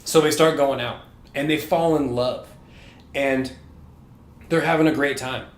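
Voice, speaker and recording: A man's voice: mid-range voice, steady tone, a little slow. Rambling, profane man retelling a story. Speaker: podcast co-host. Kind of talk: casual chat. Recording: roomy echoey room.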